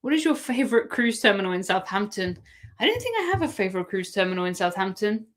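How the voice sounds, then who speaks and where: Brief: English woman, chatty live-stream host, mid-pitched, laughs easily. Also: sing-song, quick pace. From England. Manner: chatty, answers viewer questions, laughs often.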